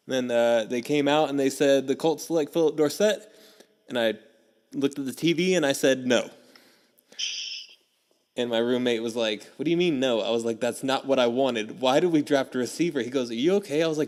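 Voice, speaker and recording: Animated young man telling sports stories. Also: mid-range voice, a little fast. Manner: animated storyteller, acts out his own past reactions. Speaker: podcast host. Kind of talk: casual sports podcast chat.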